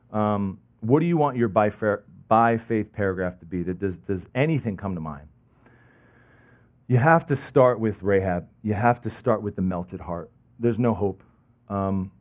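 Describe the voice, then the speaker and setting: A young man preaching a sermon, telling a personal story in a casual, halting way, full of fillers and restarts. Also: lowish voice, darkish tone. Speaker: pastor.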